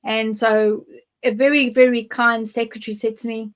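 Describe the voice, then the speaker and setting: Candid South African woman, slightly high. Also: steady tone, fairly quick. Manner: candid, rambling storytelling. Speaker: guest psychic. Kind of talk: interview, personal testimony.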